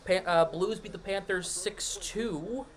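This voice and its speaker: Brief: male stream host, fairly high voice, quick running hockey play-by-play, close mic. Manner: rapid, running call of each pass and shot, with asides to chat. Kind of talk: live hockey play-by-play over a scoreboard stream.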